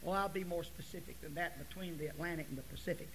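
A male preacher giving a folksy sermon, dropping to near-whispers and then rising to loud, forceful preaching. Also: fairly high pitch, fast, noisy background. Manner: folksy storytelling.

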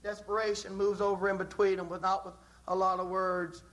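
Male preacher, high tenor voice, fervent and repetitive delivery, sermon style. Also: little pitch movement, brisk, fairly bright tone, poor audio. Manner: impassioned, repetitive, with dramatic rises.

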